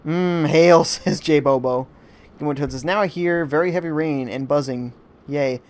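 Chatty man streaming a game, slightly high voice. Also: moderate pace. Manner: chatty, joking, reads viewer chat aloud. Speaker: gaming streamer. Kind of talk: live gameplay commentary. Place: at home during a rainstorm.

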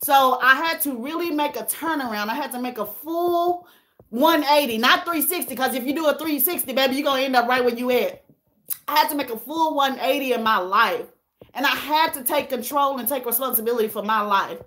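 A woman with a high voice talks into the camera in a personal vlog. She speaks earnestly and emotionally, circles back over the same words and addresses her viewers directly. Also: fairly quick, sharp tone. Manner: earnest, repeats herself, talks straight to viewers. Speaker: vlogger.

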